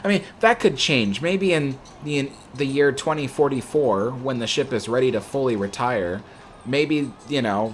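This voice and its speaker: A man's voice: medium pitch, slight background noise. A young man hosting a livestream, chatting casually in a rambling way with lots of "you know" fillers. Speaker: livestream host. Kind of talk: casual chat answering viewer questions.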